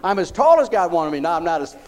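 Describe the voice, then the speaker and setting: A man's voice: fairly high pitch, sing-song, fast. A man preaching a folksy sermon, often asking his congregation "Huh?".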